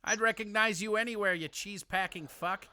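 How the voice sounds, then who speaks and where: A man's voice: high voice, fairly even intonation, fairly quick, bright, forceful tone, smooth. A man hosting a live call-in stream, teasing and roasting his callers with a lot of swearing. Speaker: host.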